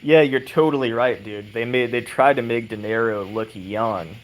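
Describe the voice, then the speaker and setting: Sitting on an outdoor porch swing and rocking, a man chats with his stream viewers in a rambling way, cursing heavily and chuckling frequently. He has a mid-range voice at normal speed, and the audio is poor with a little hiss or hum.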